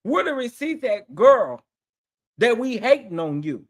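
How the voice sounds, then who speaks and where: A man hosting a casual live stream, talking in a sassy, animated way and repeating phrases for emphasis. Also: very high-pitched, a little slow. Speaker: livestream host.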